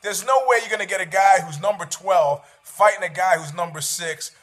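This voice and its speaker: A man's voice: sits high, moderate pace, fairly bright tone, soft background music. A man, hosting a show, rambling about fights with sarcasm and freely dropping swear words. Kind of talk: casual chat about fights.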